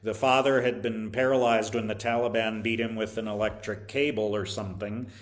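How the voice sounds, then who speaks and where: A man interviewed about his time as a violin teacher, telling stories thoughtfully, with frequent pauses, fillers and restarts. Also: fairly low pitch, flat delivery. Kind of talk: reflective interview storytelling.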